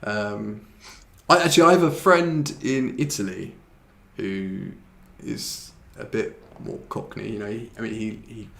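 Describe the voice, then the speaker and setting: Creaky-voiced man hosting a live English lesson. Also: lowish voice, unhurried, a bit bright. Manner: chatty, switches to Korean to explain. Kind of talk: casual teaching chat.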